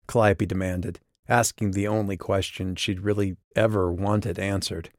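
Gravelly, low-voiced male narrator. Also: fairly even intonation, moderate pace, few pauses, a little mellow, no room sound, studio quality. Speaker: audiobook narrator. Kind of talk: scripted audiobook narration.

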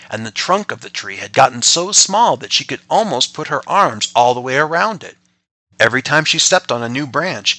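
Man, bedtime story narration, bright tone, lively pitch, dry close sound. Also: dry recording. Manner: gentle, playful storytelling. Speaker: father and podcast storyteller.

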